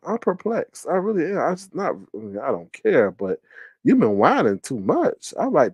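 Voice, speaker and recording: A man hosting a drama commentary vlog, telling stories in an animated, mocking way. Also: a little high, moderate pace, husky, no room sound. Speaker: host.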